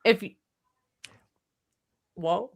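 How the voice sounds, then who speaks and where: A woman co-hosting a livestream, chatting casually and teasing her guest. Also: drawn-out words. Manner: lively, teasing.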